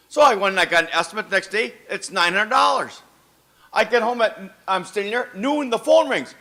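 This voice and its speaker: An older man tells a story at a meeting in a bright, forceful voice that sits a little high. He acts out the voices of the people in his tale with plenty of life. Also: expressive, fairly quick. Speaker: event speaker. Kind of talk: storytelling speech.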